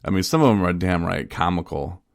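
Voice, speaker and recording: Low gravelly man telling stories. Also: brisk, no echo, clean studio sound. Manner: candid, rambling storytelling with frequent restarts. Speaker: podcast co-host. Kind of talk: casual chat. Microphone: studio microphone.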